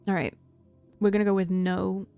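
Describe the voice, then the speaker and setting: Gravelly woman doing let's play asides. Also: medium pitch, level tone, normal speed, warm tone, soft background music. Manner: blunt, swearing asides. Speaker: game streamer.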